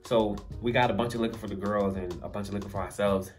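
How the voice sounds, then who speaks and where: A man's voice: fairly low pitch, fairly even intonation, quick pace, faint music behind. A young adult man telling a funny personal story to camera in a casual, slangy way, laughing as he goes. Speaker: storyteller vlogger. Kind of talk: casual story-time monologue.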